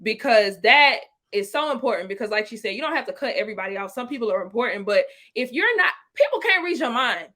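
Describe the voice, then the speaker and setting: A woman with a bright, clear voice pitched a little high hosts a relaxed podcast chat. She talks in a lively, slangy way and laughs easily as she gives tips. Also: quick pace, few pauses. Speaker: podcast co-host.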